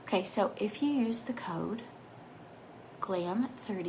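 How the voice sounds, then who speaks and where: A woman in her thirties talks casually while doing her makeup, wandering from topic to topic. She often lets her phrases trail off into a soft near-whisper. The close mic picks up a faint background hiss. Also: mid-range voice, slow pace, low-quality recording. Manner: rambling and chatty, drifting between asides. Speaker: makeup vlogger. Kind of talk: casual chatty makeup vlog.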